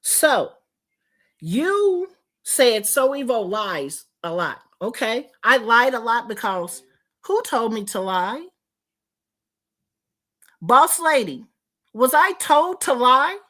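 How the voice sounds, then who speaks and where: Brief: older woman, high voice, animated and profane streamer rant. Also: slow, long pauses. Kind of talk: livestream rant.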